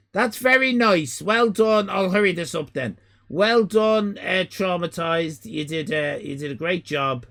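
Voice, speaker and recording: An Irish man in his fifties hosting a live stream, loud and exclaiming, swearing and joking as he reacts to chat. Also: high voice, lively intonation, measured pace, creaky, hardly any pauses. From Ireland. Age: 50s. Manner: loud, exclaiming, swears and jokes, rambling restarts.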